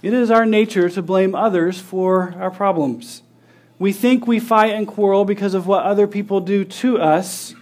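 Guy with a high voice giving a sermon, earnest, asks lots of questions, acts out little scenes. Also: normal speed, darkish tone. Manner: earnest teaching with rhetorical questions. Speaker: preacher.

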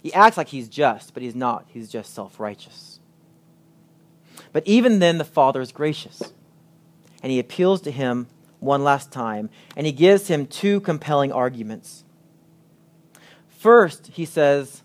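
A man delivering a sermon in an earnest preaching manner, his voice sitting a little on the high side. He reads scripture aloud and drives home each point with deliberate pauses. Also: expressive.

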